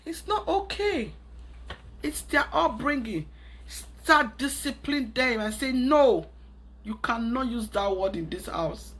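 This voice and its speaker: Nigerian lady vlogging about raising kids, husky and breathy, keeps hammering her point. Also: on the high side, a little slow, a bit bright. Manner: emphatic, preachy, repeats points. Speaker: parenting vlogger. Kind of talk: monologue advice talk.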